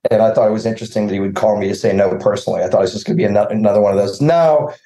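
A man's voice: fairly low pitch, very fast, dark tone, reverberant, low-quality recording. A man on a video call interview, telling rambling joking stories about making his show. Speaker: series co-creator.

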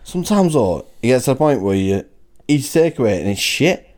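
Lively Wigan-accented man, swearing and laughing. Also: mid-range voice, brisk. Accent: Wigan, Lancashire. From Wigan, England. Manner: laughs often, swears freely. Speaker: podcast co-host. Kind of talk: casual chat.

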